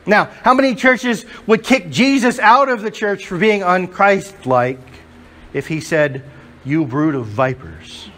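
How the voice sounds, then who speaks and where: High-voiced man preaching emphatically. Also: animated, unhurried, fairly bright tone. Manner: emphatic, with rhetorical questions. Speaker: pastor. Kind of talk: sermon. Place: church before a congregation.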